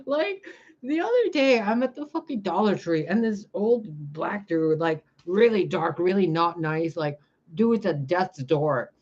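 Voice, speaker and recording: A woman telling stories on her vlog in a casual, animated way, swearing freely and laughing as she talks. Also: lowish voice, measured pace. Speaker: vlogger. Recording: dull lo-fi recording.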